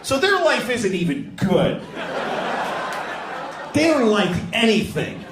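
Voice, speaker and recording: Stand-up comedian with a lively, animated delivery. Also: male voice, sits high, slow pace, background noise. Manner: deadpan storytelling with sudden loud acted-out voices. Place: theater stage before a laughing audience. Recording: roomy live venue with crowd laughter.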